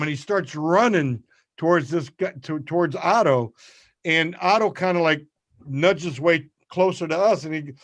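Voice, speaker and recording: Older New comic spinning an animated story, slightly high voice, on a video call. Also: male voice, dry recording, clean studio sound. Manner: animated storyteller, acts out voices, swears freely. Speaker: comedian guest. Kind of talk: casual storytelling.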